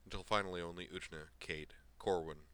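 A man narrating a story in a steady, even audiobook reading style. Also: deep voice, a little fast, clean tone.

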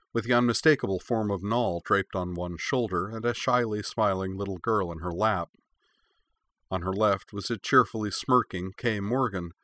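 A man narrating a story aloud in a steady, even way. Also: fairly low pitch, dry recording. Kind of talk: reading fan fiction aloud.

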